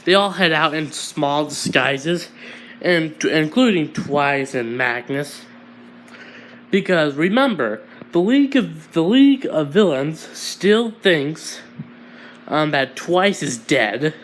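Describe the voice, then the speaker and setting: Man narrating fan fiction, slow-paced, slightly high voice, giggly, apologetic. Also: expressive, fairly bright tone, a little hiss or hum. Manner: giggly, apologetic, trails off and restarts.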